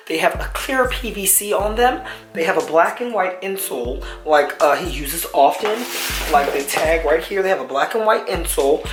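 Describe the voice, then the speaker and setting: A man's voice: high voice, a bit bright. Rambling joking young man vlogging. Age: 20s. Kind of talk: casual unboxing vlog. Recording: roomy echo, faint music.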